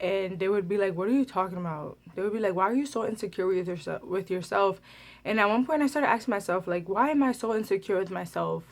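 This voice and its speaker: A young woman talks straight to her camera, recounting her own experiences in a relaxed, conversational flow. She leans on casual fillers and restarts as she goes, like she is chatting with friends. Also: medium pitch, fast talker. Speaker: beauty vlogger. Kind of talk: personal storytelling to camera.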